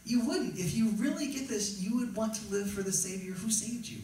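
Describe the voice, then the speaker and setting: A man's voice: high voice, moderate pace, a little mellow. A man preaching a sermon as pastor. He talks in a conversational, emphatic way and keeps asking the room "right?". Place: church sanctuary. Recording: very echoey church hall, mic at a distance.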